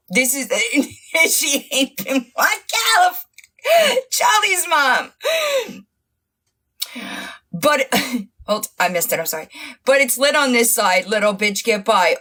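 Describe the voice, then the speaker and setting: A woman's voice: a little high, pushed and bright. A woman hosting a casual livestream, mocking and profane, laughing often and losing her voice. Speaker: livestream host.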